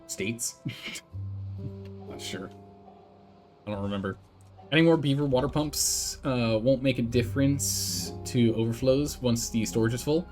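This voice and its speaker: A man's voice: mid-range voice, measured pace, long pauses, music in the background. A man casually commentating his building game on a live stream, thinking aloud, answering chat and laughing often.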